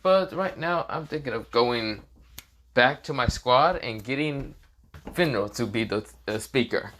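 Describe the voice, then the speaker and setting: A man's voice: medium pitch, animated, measured pace, a bit bright, slight background noise. A man voicing a cocky young man who is overpowered and smug, talking in a casual, taunting way.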